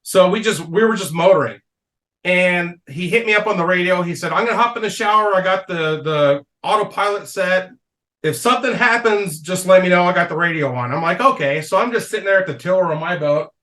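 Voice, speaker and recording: A man with a fairly high voice tells a wild story on a casual comedy podcast. He is loose and profane and laughs through his own tale. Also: fairly quick. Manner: animated storyteller, swears a lot, laughs mid-story. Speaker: podcast guest.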